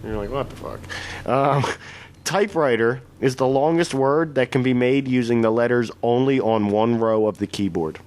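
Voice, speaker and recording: A man's voice: medium pitch, normal speed, darkish tone. A man co-hosting a casual podcast, rambling and crude, often correcting himself mid-sentence. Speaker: podcast co-host.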